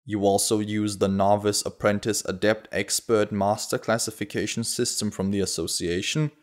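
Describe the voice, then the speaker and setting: A man's voice: fairly low pitch, flat delivery, normal speed, close to an everyday voice. A man voicing a brash, ruthless human bandit leader in an audiobook, talking in a cocky, offhand way. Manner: cocky, offhand, shouts when demanding.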